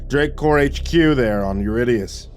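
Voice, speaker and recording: A man's voice: mid-range voice, measured pace, soft background music, voice pushed up, lightly acted. A man voicing an urgent male starship captain speaking over a comms link. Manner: urgent, tense.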